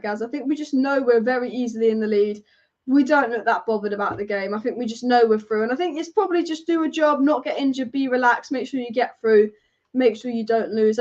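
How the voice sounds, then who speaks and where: A young woman from England hosting a football fan channel, chatting casually through a live watch-along, reading out statistics and answering viewer comments. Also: on the high side. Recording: dull lo-fi live stream audio.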